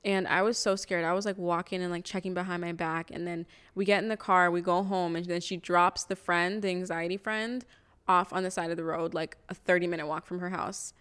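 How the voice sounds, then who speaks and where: A woman's voice: on the low side, fairly even intonation, brisk, a bit bright, smooth. A young woman in her twenties, co-hosting a podcast, telling a story casually with a lot of swearing. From Toronto area, Canada. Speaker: podcast co-host.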